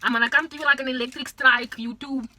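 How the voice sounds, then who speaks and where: A woman's voice: high-pitched, steady tone, quick pace, sharp tone, a little hiss or hum. A young South African woman with a South African accent, vlogging in an exaggerated, repetitive ranting monologue that slips into Afrikaans.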